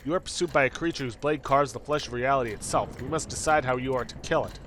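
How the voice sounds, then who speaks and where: A man's voice: mid-range voice, quick pace, a bit bright, a little hiss or hum, close to an everyday voice. A man voicing an ancient male personification of time, speaking in a grandiose, formal manner. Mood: solemn.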